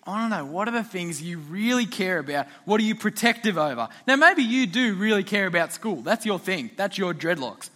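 A young man giving a youth talk in a relaxed, chatty way, telling stories and laughing often. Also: high voice, fairly quick, hardly any pauses. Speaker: youth pastor.

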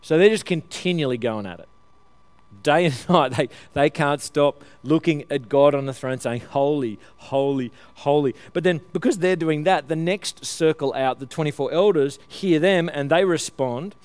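A man's voice: on the high side, moderate pace, darkish tone, no echo. A man preaching a conversational sermon, often restarting his phrases and laughing lightly as he explains.

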